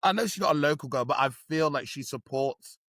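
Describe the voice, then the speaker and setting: Thirties male podcast guest, husky rasp, playful camp delivery, dry studio sound. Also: brisk, no room sound. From Birmingham, England. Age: 30s. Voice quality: low husky voice. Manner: animated, camp, teasing. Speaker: guest, drag performer. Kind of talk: casual podcast chat.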